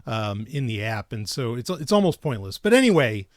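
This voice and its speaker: Medium in pitch and sing-song, a man's voice comes through with studio quality and no room sound. Co-hosting a podcast, he chats loosely, breaks off mid-sentence to restart, and laughs often.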